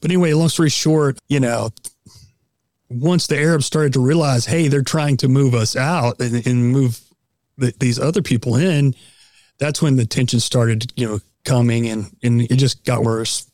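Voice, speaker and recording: Male podcast guest, average pitch, dry recording, loose filler-heavy explaining. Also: fairly even intonation, moderate pace, darkish tone, no room sound. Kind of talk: casual conversation.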